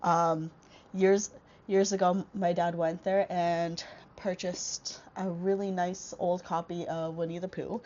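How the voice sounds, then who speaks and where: A woman's voice: on the low side, flat delivery, takes it slowly, a little mellow, highs cut off. A young woman with a stuffy, congested voice chatting casually in a vlog, rambling with lots of fillers and restarts. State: congested from a cold. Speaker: vlogger. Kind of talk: casual book haul vlog. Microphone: small wireless clip-on mic.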